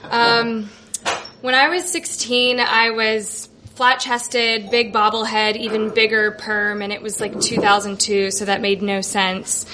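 A woman's voice: on the high side, flat delivery, unhurried, pushed and bright. A woman around thirty telling a wry, self-deprecating personal story on stage. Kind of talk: live comic personal storytelling. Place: coffee shop stage.

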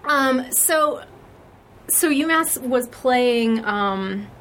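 A woman's voice: high voice, expressive, drawn-out words, a bit bright. A woman hosting a podcast, telling stories in a casual, rambling way with plenty of fillers and restarts. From New England, USA. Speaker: podcast host. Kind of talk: casual chat.

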